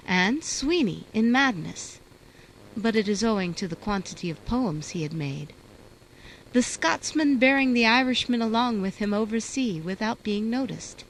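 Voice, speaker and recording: A woman reading an old translated text aloud in a measured, deliberate recitation. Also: mid-range voice, a little hiss or hum, poor audio. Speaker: reader.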